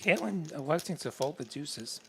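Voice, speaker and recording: A man calling a live poker cash game play by play, relaxed and chatty, sometimes correcting himself on air. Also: fairly high pitch, moderate pace, vocal fry, music in the background. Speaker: poker commentator.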